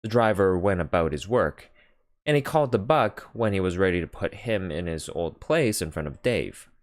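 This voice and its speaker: A man reading a classic novel aloud as an audiobook narrator, in a measured, expressive way. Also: deep voice, no room sound, studio quality. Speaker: audiobook reader. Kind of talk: unhurried literary narration.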